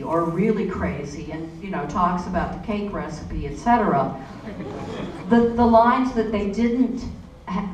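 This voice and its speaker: A woman voice actor answering questions on a convention panel, chatty and storytelling with many asides. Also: medium pitch. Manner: chatty, warm storytelling with frequent "you know". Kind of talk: panel Q&A talk. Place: convention hall. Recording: echoey hall from far off, faint noise.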